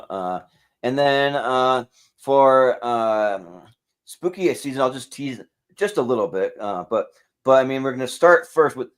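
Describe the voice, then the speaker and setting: Casual male podcast host, mid-pitch, loose rambling delivery. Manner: rambling, many fillers and restarts. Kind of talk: casual chat.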